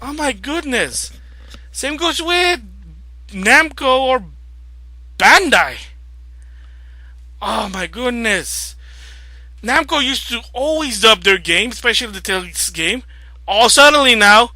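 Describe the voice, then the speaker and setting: A man vlogging about video games, rambling casually and growing agitated and loud as he rants. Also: extremely high pitch, expressive, takes it slowly, long pauses, no room sound. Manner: rambling, grows agitated and loud when ranting. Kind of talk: casual opinion vlog rant.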